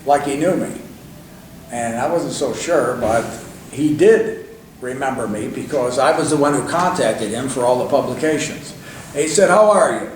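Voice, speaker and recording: An older man, a guest on an interview, tells long anecdotes in a medium-pitched voice at normal speed. His rambling storytelling is loose and conversational, full of fillers and restarts, recorded in an echoey room on a distant mic with faint hiss.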